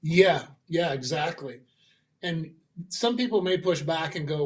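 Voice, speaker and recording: Man, guest, animated storyteller, acts out quoted voices, fairly high voice, slightly distant from mic. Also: a little slow. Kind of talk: conversational explanation.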